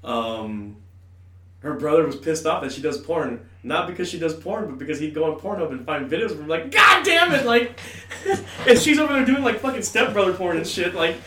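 A man's voice: on the high side, a little fast, a bit bright. A man on a podcast telling crude stories, laughing and stumbling over restarts. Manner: rambling, laughing, stammering restarts. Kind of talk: crude casual chat. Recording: roomy, distant mic, faint noise.

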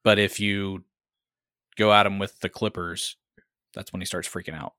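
Low-voiced man chatting about his dogs. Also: little pitch movement, moderate pace, sharp tone, clear, resonant tone, no room sound, studio quality. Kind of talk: casual chat.

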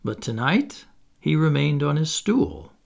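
A man narrating a children's classic as an audiobook reading, with expressive storytelling. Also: on the high side, measured pace, gravelly.

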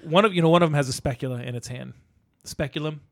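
A middle-aged man co-hosting a podcast, chatting casually about a movie in a rambling, animated way. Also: on the high side, fast, creaky. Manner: rambling, animated storyteller, acts out quotes. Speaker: podcast co-host.

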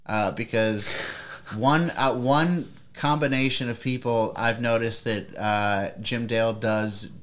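A man co-hosting a podcast, chatting casually in a blunt, sardonic way with flat put-downs. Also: mid-range voice, takes it slowly. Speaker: podcast co-host. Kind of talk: casual chat.

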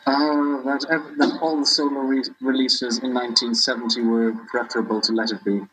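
Halting man in casual chat. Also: mid-range voice, little pitch movement, fairly bright tone, faint music behind, low-quality recording. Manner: halting, with many restarts and fillers. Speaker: guest.

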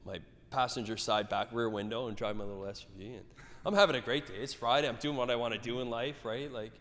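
Fast and medium in pitch, the man is a middle-aged Canadian who owns a gym, chatting casually in an interview. He rambles and curses through animated stories, restarting a lot, with hall reverb echoing around him.

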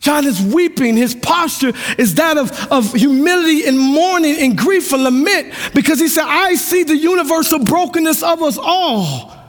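A male pastor preaching a sermon with passion, dropping to a hush and rising to shouts, sometimes half-singing his lines. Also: very high voice, expressive, moderate pace. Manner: impassioned preaching, swings from hushed to shouting, half-sung lines. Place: church sanctuary. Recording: long hall reverb.

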